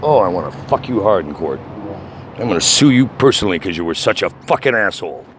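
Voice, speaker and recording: A man's voice: low voice, big pitch swings, quick pace, slight background noise. Furious swearing man on the phone. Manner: furious, shouting, swearing constantly. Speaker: caller. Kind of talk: angry phone call to a bank.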